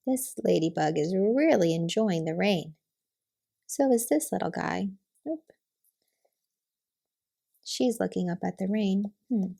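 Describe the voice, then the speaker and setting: A young woman reading a picture book aloud to small children, gently naming the pictures and asking questions. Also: medium pitch, lively intonation, takes it slowly, gravelly, pauses often, husky. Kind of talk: storybook reading to toddlers.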